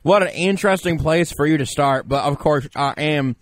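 A man's voice: a little high, moderate pace, no room sound, close to an everyday voice. A male radio host playing a pompous, boastful guest who calls himself a draft expert, talking in rambling, self-important bursts on a studio mic. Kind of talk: comedic radio bit as a fake draft expert.

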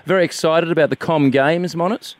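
A man's voice: fairly high pitch, a little fast, no room sound. A man hosting breakfast radio, playful and often laughing. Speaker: radio host. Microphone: studio mic.

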